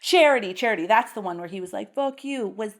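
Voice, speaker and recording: A young adult woman hosting a podcast, talking about a film with lively, animated energy. She swears freely and laughs easily as she talks. Her voice sits at a middling pitch for a woman. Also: fairly quick. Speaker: podcast host. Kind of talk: casual movie chat.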